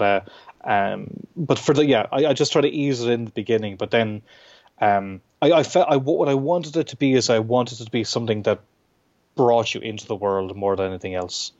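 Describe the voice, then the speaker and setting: A low-pitched Irish man chats about his writing in an interview, halting and restarting his sentences with plenty of fillers. The recording sounds dull and a little lo-fi. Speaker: comic book writer. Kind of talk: casual interview chat.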